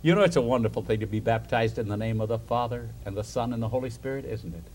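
A man preaching a storytelling sermon, an animated storyteller who chuckles between points and puts questions to his listeners. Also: mid-range voice, fast talker, a little hiss or hum.

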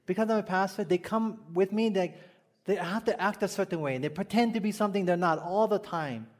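A pastor from Hawaii preaches in a relaxed storytelling way, with a Hawaiian accent. His voice sits fairly high for a man. He chuckles easily and keeps turning to the congregation with questions. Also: fairly quick. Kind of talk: sermon.

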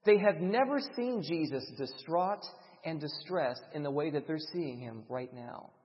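A man preaching a sermon with dramatic delivery that swings between loud emphasis and hushed lines. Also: a little high, expressive, a little slow. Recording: dull, reverberant hall sound.

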